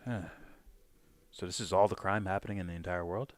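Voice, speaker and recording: A man hosting a live stream, chatting casually, profane, animated and mocking. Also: sits low, a little fast. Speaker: stream host. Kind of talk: casual livestream chat.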